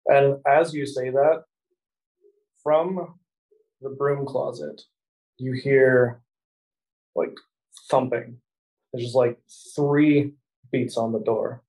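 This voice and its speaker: Mellow-voiced man running a tabletop game. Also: medium pitch, slow pace, long pauses, rough recording. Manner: relaxed, laughs often. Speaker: game master.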